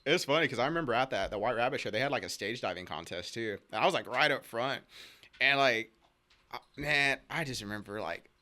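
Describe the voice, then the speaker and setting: A man with a bright, forceful voice shares stories from his twenties in relaxed conversation. He laughs through his anecdotes and jumps into quoted voices as he goes, with a casual, unpolished delivery. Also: mid-range voice, brisk. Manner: laughs often, animated retelling with quoted voices. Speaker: podcast guest. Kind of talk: casual storytelling chat.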